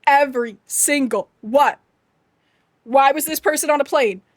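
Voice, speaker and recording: A woman's voice: high-pitched, unhurried, dry recording, studio quality. A young adult woman streaming, chatting casually and animatedly to her viewers, laughing often and ranting with emphasis. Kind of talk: casual chat to live chat.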